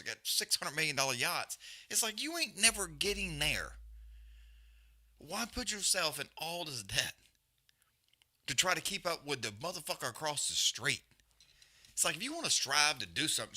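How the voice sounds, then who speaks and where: A man's voice: fairly high pitch, sharp tone. A man hosting a live show, ranting bluntly with constant swearing and emphatic repetition. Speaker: podcast host. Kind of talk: profane rant on a live stream.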